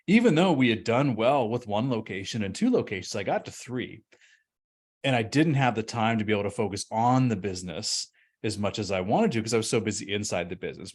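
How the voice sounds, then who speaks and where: Man in his thirties, restaurant consultant, lively conversational webinar delivery. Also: on the low side. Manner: energetic, conversational storytelling. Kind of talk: webinar presentation.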